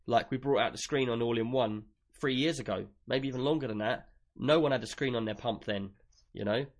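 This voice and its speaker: A man's voice: medium pitch, brisk. A man with an English accent co-hosting a casual tech chat show, chatty and jokey, reading listener questions aloud. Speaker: podcast co-host.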